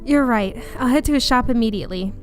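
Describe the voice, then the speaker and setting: A shaken but stubborn young medium from a story game talks plainly, as a woman reads her lines. The voice is fairly high, with soft music in the background. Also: quick pace, natural voice. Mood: earnest. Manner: read plainly in her own voice.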